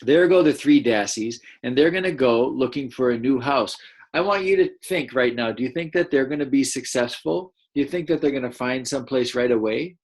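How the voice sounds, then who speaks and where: A man's voice: mid-range voice, low-quality recording. A man teaching first graders a read-aloud lesson, patiently explaining and asking the children questions.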